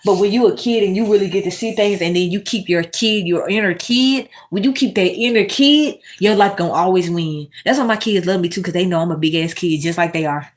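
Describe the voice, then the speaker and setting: A woman hosting a casual commentary monologue, animated and swearing, talking straight to her viewers. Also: lowish voice, a little fast, hardly any pauses. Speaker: commentary host.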